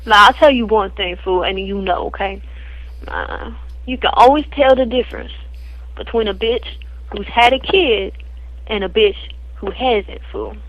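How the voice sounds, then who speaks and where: A woman's voice: mid-range voice, a little slow, lo-fi sound. A woman voicing a crude, boastful street guy in an improvised comedy spoof, who rambles in slang and tacks "man" and "fool" onto every phrase.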